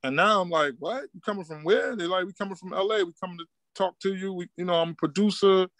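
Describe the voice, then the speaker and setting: Newark coach guy, chill and chatty, kinda high voice. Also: steady tone, fast talker, fairly bright tone, no echo. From Newark, New Jersey. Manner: laid-back street talk, acts out quoted dialogue. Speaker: high school basketball coach, guest. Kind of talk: casual storytelling interview.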